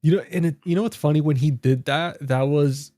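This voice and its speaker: An excitable man chatting casually about a comedy film. His voice sits a little high but sounds dark and mellow. The sound is dry and close. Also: a little fast, dry recording. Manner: excitable, laughs while retelling scenes. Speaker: podcast co-host. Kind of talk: casual movie chat.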